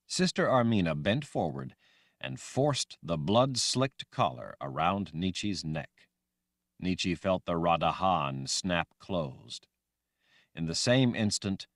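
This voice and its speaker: Deep, slow, expressive male audiobook narrator. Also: dry recording, studio quality. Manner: dramatic, expressive reading. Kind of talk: scripted fantasy audiobook narration.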